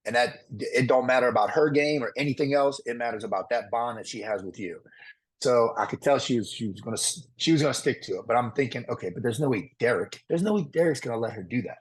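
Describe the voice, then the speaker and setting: A man's voice: medium pitch, quick pace, slightly rough, rough recording. A man talking casually as an interviewed reality show contestant, rambling with many restarts.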